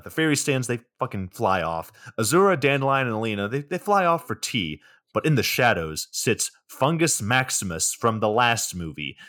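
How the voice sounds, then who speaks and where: A man's voice: medium pitch, fairly bright tone. A man co-hosting a podcast, giving a sarcastic, swearing recap of a movie in casual chat. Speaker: podcast co-host.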